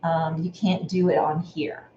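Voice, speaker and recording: A woman's voice: low-pitched, little pitch movement, unhurried, dark tone, highs cut off. Chatty woman on a live stream. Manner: rambling and chatty, thanking viewers by name. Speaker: sewing channel host. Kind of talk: casual live-stream chat. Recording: echoey room with faint noise.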